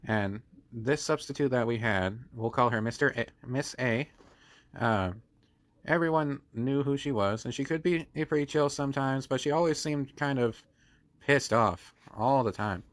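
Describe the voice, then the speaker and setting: A man's voice: medium pitch, normal speed. A young man casually telling a school story in a rambling manner, often correcting himself as he goes. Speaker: vlogger.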